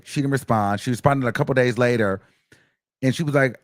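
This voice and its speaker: A man hosting a casual gossip commentary, recapping courtroom testimony in an animated, chatty way. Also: medium pitch, quick pace, no echo, clean studio sound. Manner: animated, gossipy, acts out quoted texts in a raised voice. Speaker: commentary host.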